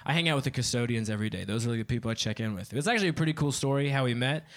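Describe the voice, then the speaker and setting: A man's voice: mid-range voice, animated, very fast, fairly bright tone. A man in his twenties doing a stand-up set on a club stage, often laughing at his own jokes. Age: 20s. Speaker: stand-up comedian.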